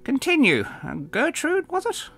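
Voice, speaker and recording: A man voicing a fussy, half-blind female teacher who speaks high, loud and impatient. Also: huge pitch swings, unhurried, gravelly, soft background music, heavily acted.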